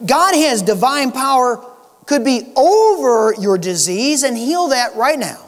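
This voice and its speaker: A male pastor delivers an earnest sermon in a noticeably high voice. He lifts his voice for emphasis, then sinks low and quiet to drive a point home. The sound carries a long reverb from the church hall. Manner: earnest preaching, rising and dropping to soft emphasis. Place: church sanctuary.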